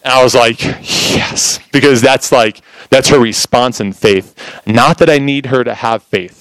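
A man preaching in a casual sermon, telling a testimony in an animated, storytelling way, with lots of "like" fillers. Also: mid-range voice, moderate pace, dry recording, poor audio.

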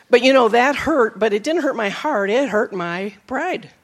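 A woman preacher giving a sermon, telling stories with acted quotes, moving from emphatic lines to soft, low asides. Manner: storytelling, with acted quotes and laughs.

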